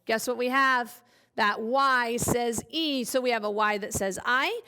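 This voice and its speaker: A woman's voice: on the high side, unhurried, sharp tone, clear, resonant tone. A woman teaching young children a phonics lesson, cheerfully spelling out letters one by one. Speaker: kindergarten teacher.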